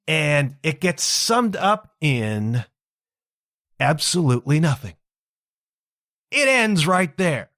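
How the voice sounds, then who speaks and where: A man hosts a podcast and tells a story in a casual, irreverent way. His pitch swings widely as he speaks. The recording is close and dry. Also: unhurried, no room sound. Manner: animated, irreverent, conversational. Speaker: podcast host.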